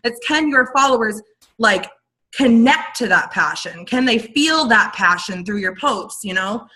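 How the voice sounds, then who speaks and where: Young woman, upbeat team coach, bright high-ish voice, rambling, fast restarts, video call. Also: low-quality recording. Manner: energetic, animated, rambling with restarts. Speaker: network marketing team leader.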